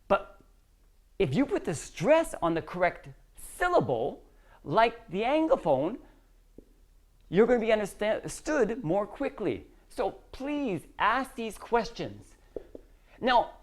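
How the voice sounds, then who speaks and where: Woman, english teacher, classroom lesson, emphatic, slow delivery. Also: medium pitch. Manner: animated, emphatic, acts out dialogues.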